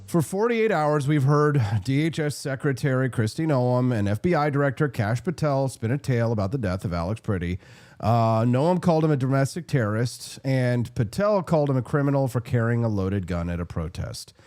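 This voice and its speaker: A man's voice: mid-range voice, lively intonation, brisk, darkish tone. A man hosting a political commentary show, talking in a sarcastic, combative way and reading out viewer comments. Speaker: host.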